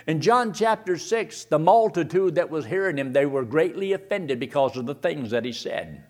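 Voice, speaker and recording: A man's voice: fairly high pitch, animated, moderate pace, a little mellow. A man preaching a sermon, firing rhetorical questions and reading scripture aloud.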